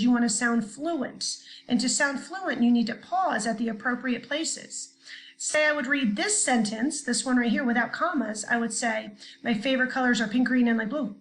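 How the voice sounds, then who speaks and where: Cheerful woman teacher doing a distance-learning grammar lesson for little kids, chatty, voice on the high side. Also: fairly bright tone. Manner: chatty, upbeat, talks straight to young students. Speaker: third grade teacher.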